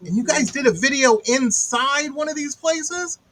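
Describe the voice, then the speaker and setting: A man's voice: extremely high pitch, normal speed, a little hiss or hum, low-quality recording. A man from Detroit hosting a radio interview, telling stories with sarcastic exaggeration. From Metro Detroit. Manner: animated storyteller, sarcastic exaggeration. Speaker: radio show host. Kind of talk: casual interview chat.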